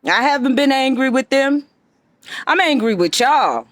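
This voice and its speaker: A woman's voice: high voice, animated, unhurried, fairly bright tone, no echo. A woman giving an emphatic, confrontational monologue straight to her viewers. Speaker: vlogger addressing viewers. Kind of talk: direct-to-camera monologue.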